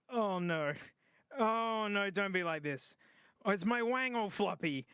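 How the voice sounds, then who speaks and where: Brief: male streamer, high and bright, jokey, excitable gamer chatter. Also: slow, smooth, no echo. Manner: excitable, jokey, yelps and groans at the game. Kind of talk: casual live-stream gaming commentary.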